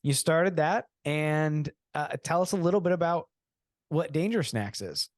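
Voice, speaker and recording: A man hosting a casual podcast interview, relaxed and agreeable, asking easygoing questions. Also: fairly high pitch, a little slow, dry recording, studio quality. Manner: relaxed, agreeable, says "super awesome". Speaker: podcast host.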